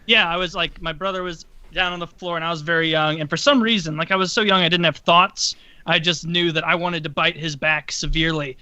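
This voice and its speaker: Bright, sharp-voiced man telling a story. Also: fairly high pitch, brisk, smooth, no room sound, highs cut off. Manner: energetic, bright, laughing narration. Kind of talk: casual storytelling.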